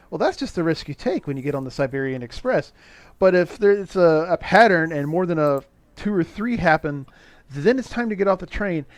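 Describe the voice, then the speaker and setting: A middle-aged man casually recapping an old movie on a podcast, sarcastic and profane, with animated asides. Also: on the high side, no echo. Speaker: podcast co-host recapping a film. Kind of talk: casual chat.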